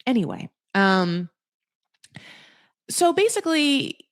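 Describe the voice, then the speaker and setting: A woman's voice: on the high side, big pitch swings, slow, no echo. A woman hosting a podcast, recapping a reality TV show in a chatty, sarcastic, freely swearing way with plenty of fillers. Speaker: podcast host.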